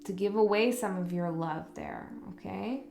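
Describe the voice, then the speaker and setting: This tarot reader is a woman with a mid-range, creaky, slightly mellow voice at a normal speed. She chats frankly through the reading and keeps asking "okay?". The recording has room echo and faint music.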